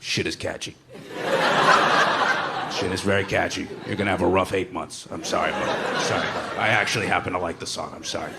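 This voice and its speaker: A man doing a low, consoling bro buddy. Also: steady tone, a little fast, vocal fry. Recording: noisy live stage recording.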